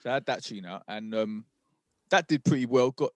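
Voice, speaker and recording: A man co-hosting a podcast, recounting things in a laid-back, halting way. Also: medium pitch. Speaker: podcast co-host, rapper. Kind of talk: casual chat.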